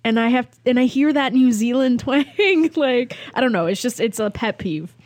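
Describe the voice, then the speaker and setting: A woman's voice: on the high side, moderate pace, darkish tone, no room sound. A woman co-hosting a casual film podcast, blunt and swearing casually. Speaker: podcast co-host. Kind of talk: casual chat.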